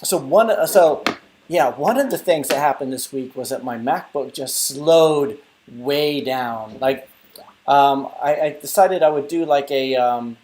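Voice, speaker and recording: A man's voice: medium pitch, measured pace, a little mellow. A young adult man hosting a casual live stream, rambling and chatting through viewer comments. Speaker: live stream host and app developer.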